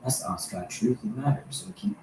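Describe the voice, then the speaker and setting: Rambling man, swears freely, lurches from mutters to shouts; set back from the mic in a roomy hotel room with faint hiss. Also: medium pitch, sing-song, fast, creaky, distant mic. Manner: erratic, profane, swinging from mumbling to yelling. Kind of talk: rambling monologue.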